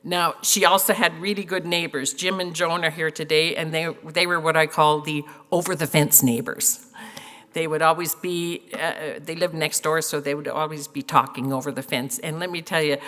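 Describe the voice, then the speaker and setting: Eulogy speaker, older woman, low voice, long hall reverb. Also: steady tone, normal speed. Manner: warm storytelling with fillers and laughs. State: tearful. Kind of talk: funeral eulogy. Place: funeral hall. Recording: echoey hall.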